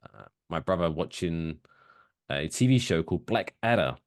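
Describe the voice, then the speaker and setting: Low-pitched and speaking at a normal speed, this male podcast co-host rambles through stories in casual conversation, animated and swearing freely. The sound is clean studio audio with no room sound.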